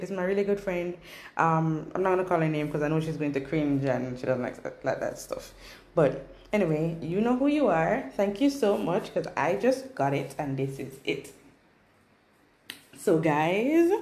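A woman's voice: fairly low pitch, lively intonation, a little slow, a little mellow. A woman with a Jamaican accent chatting casually for a storytime vlog. She rambles along with asides and fillers. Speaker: vlogger. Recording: roomy echo.

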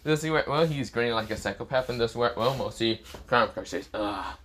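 Young man, casual storyteller, rambling, filler-heavy, average pitch. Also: fast talker, a bit bright, slight background noise. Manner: rambling, many fillers like "this is where, well, mostly". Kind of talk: improvised fan-fiction storytelling.

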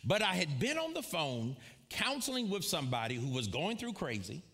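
A man preaching a sermon to a live congregation, telling a personal story with frequent laughter and lively asides. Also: fairly high pitch, moderate pace. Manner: animated storyteller, laughs often, calls out to congregation. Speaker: pastor. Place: church before a live congregation.

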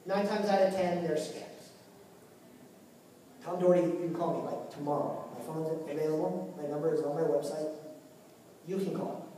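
A man's voice: on the high side, steady tone, normal speed, long pauses, mellow, a little hiss or hum. A male author on a convention panel, talking casually and energetically with frequent stammers and repeated words. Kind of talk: casual panel talk with audience Q&A. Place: large convention hall. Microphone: distant from the recording mic. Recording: echoey convention hall from far off.

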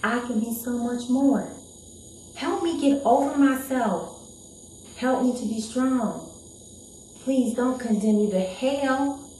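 A woman's voice: on the high side, slow pace, pauses often, warm tone, a little hiss or hum. A woman playing a broken, pleading young woman. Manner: pleading, emotionally raw delivery. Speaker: actress performing dramatic poems. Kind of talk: dramatic poetry performance. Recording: echoey room.

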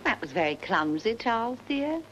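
A woman's voice: a little high, big pitch swings, moderate pace, fairly bright tone, lo-fi sound, a little hiss or hum. A woman voicing a mischievous, teasing female ghost in a radio play reading. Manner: teasing and mocking.

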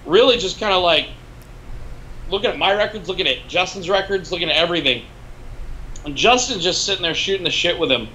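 Bright-voiced man telling lively stories. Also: sits high, fairly quick, long pauses, slight background noise, low-quality recording. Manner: animated, swears freely, uses filler words. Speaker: guest, film cinematographer. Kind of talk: casual storytelling in a podcast interview.

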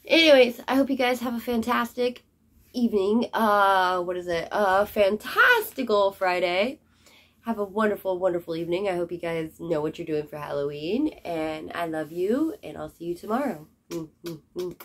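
A young woman vlogger chatting casually to camera, chatty and quick to apologize. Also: medium pitch, expressive. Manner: chatty, apologetic, says y'all.

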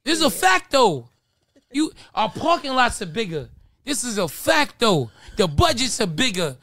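A man's voice: very high-pitched, big pitch swings, normal speed, sharp tone, no echo. A man hosting a podcast, trading brash, teasing banter with plenty of swearing. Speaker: show host.

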